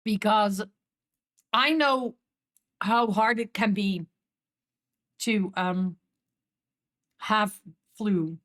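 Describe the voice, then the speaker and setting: Dutch woman chatting slowly on stream. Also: mid-range voice, a bit bright. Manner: chatty, laughs often, repeats and restarts words. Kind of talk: casual live-stream chat with viewers.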